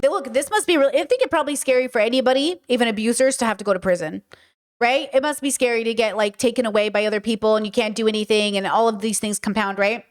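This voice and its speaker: Animated, cursing woman host. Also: fairly high pitch, fast talker. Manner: animated, profane, conversational, reads chat aloud. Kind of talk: commentary and personal storytelling.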